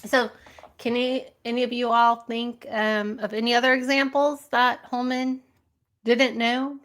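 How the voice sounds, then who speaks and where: A woman's voice: a little high, flat delivery, measured pace, fairly bright tone. A woman hosting a casual live stream, rambling, laughing often and chatting with her viewers.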